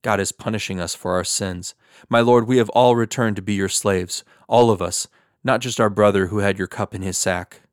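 A man's voice: fairly low pitch, steady tone, normal speed, dry recording, clean studio sound, lightly acted. A man reading the part of a humble, desperate older brother pleading with a ruler. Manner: earnest, pleading.

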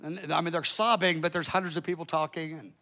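Talking quickly with a voice on the high side, this pastor tells a story during his sermon. He swings between loud outbursts and hushed asides while playing the characters with animation.

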